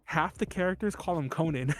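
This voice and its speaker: A man's voice: a little high, moderate pace, soft background music. Laughing, rambling man hosting a podcast. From Mexican-American. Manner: rambling, laughs often, frequent restarts. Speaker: podcast host. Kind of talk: casual chat.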